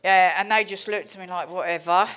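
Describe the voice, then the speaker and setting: A woman's voice: mid-range voice, steady tone, a little fast, a bit bright. An English woman giving a candid, heartfelt recovery testimony, swearing freely and telling her story with animation. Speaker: recovery speaker.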